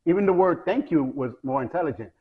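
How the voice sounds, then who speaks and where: A man hosting a casual chat show, telling stories with lively, acted-out quotes. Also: on the high side, quick pace, phone-quality sound. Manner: animated storyteller acting out quoted voices. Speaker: show host.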